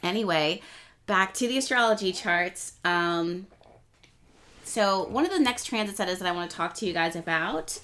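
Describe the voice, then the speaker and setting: A young woman hosting an astrology channel, talking casually and rambling a little as she explains the week's transits. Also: normal speed. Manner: chatty, rambling, self-correcting; speeds up and rises in pitch when excited. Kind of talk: casual astrology talk to camera.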